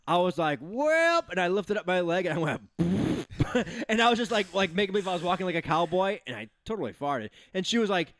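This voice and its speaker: A man in his thirties co-hosting a podcast, telling stories in casual chat, jumping between loud and mumbled lines. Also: high voice, brisk, few pauses, no echo. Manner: animated storytelling, swings between loud and mumbled. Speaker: podcast co-host.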